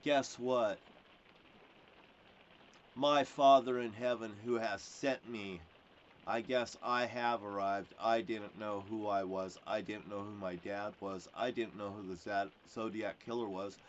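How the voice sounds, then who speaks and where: A man's voice: fairly low pitch, steady tone, measured pace. Aggrieved man ranting alone on camera, cursing nonstop and jumping between topics; muffled lo-fi recording. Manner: profane, swears constantly; rambling, jumps between topics. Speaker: self-proclaimed prophet. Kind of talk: rambling ranting monologue. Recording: dull lo-fi recording with faint hiss.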